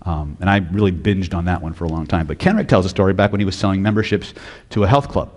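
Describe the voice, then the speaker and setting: A man's voice: low-pitched, fast talker, a little mellow, in a large hall. Blunt, profane male seminar teacher. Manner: blunt, profane, quizzes the audience. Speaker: hypnosis teacher. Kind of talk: live seminar lecture. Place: lecture hall with audience.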